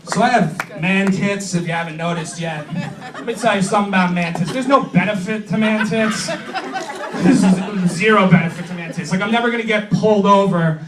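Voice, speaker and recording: A high-voiced young man from New York tells crude jokes on a comedy club stage. He rambles and acts out his friends in quick voices. The sound is roomy and picked up from a distance, with the crowd audible behind him. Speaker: stand-up comedian. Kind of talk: stand-up comedy set.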